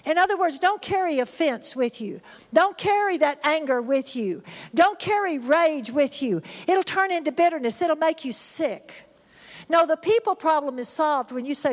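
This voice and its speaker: A middle-aged woman preaching a sermon, emphatic and repetitive, sometimes crying out high. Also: animated, moderate pace. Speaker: pastor. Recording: long hall reverb.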